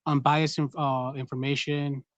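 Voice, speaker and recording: A man's voice: mid-range voice, little pitch movement, measured pace, no room sound, lo-fi sound. A man chatting casually on a live stream, rambling with lots of fillers and laughing through his stories. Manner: rambling with many fillers and acted-out gasps. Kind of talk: casual chat.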